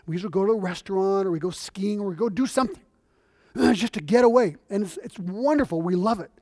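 A middle-aged man preaching a sermon in a church, in a conversational, animated storytelling manner. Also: high-pitched, quick pace, no echo, clean studio sound. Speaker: visiting missionary preacher.

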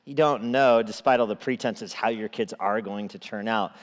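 A man's voice: lowish voice, moderate pace. A male pastor giving an evening sermon in a conversational way, with asides and chuckles. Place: church sanctuary. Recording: long reverb of a large hall.

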